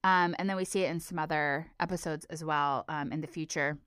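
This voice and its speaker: A woman's voice: low voice, steady tone, brisk, fairly bright tone, smooth, no echo, clean studio sound. A woman co-hosting a podcast, recapping a cartoon episode in casual, playful chat. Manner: chatty, giggly, playful. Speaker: podcast co-host.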